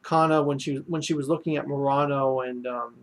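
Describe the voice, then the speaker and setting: A man talks through an anime episode in a loose, rambling review. His voice has a gravelly, creaky texture at a middling pitch. He fills his sentences with "you know" and restarts. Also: steady tone, fairly quick. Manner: rambling, heavy on fillers and restarts. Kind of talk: casual spoken review.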